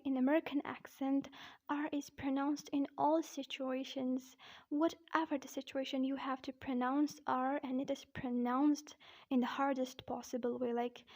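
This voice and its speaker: A woman's voice: high voice, a little mellow. A woman from Pakistan, explaining English in a casual vlog and often calling her viewers "guys". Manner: chatty, keeps saying "guys" and "okay". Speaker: English teacher, channel host.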